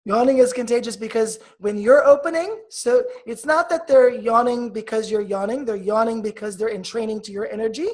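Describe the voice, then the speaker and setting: Soft-spoken woman coaching healer. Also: on the high side, a little fast, hardly any pauses. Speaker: empath healer guest. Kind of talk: guided meditation and explanation.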